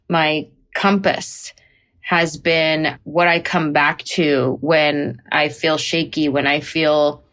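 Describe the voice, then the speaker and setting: A woman comedian talking through an interview with a fairly low voice. She tells stories in an animated way and keeps slipping into playful put-on voices. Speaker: comedian guest. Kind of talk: conversational interview.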